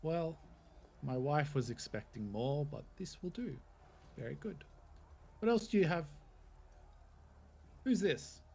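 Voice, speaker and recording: A man's voice: fairly high pitch, animated, takes it slowly, vocal fry, long pauses, mellow, husky, voice pushed up, full character voice. A man voicing a huffy, self-important army captain in a tabletop game who talks in pompous, clipped orders.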